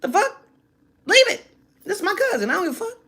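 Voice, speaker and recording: A woman telling a personal story in a casual monologue, animated and emphatic, with heavy profanity. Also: extremely high pitch, very fast.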